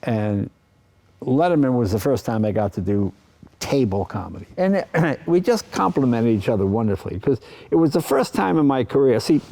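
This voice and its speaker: Older male guest, mellow tone, lively storyteller who acts out quotes. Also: mid-range voice, moderate pace, gravelly. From East Coast of the US. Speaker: interview guest. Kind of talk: anecdotal interview talk.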